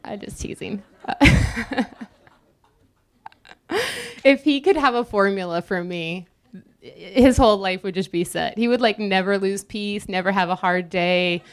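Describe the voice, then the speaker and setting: A woman's voice: mid-range voice, moderate pace, smooth. A young adult woman giving a sermon in a conversational style, joking with the congregation between scripture readings. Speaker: preacher.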